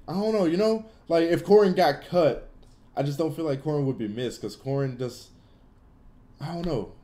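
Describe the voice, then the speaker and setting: A man's voice: medium pitch, mellow. A young man hosting a casual gaming Q&A livestream, giving blunt opinions in loose, filler-heavy talk. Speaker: livestream host answering chat.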